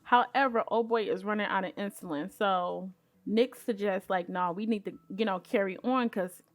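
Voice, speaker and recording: A woman giving casual recap commentary on a show, sassy and candid, with colloquial phrasing and sudden jumps in pitch when she quotes people. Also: normal speed, faint music behind. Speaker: YouTube commentator.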